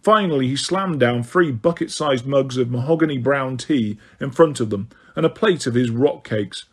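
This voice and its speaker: A man narrates a novel as an audiobook reader. His delivery is steady and even, in plain storytelling style. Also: medium pitch, normal speed, husky.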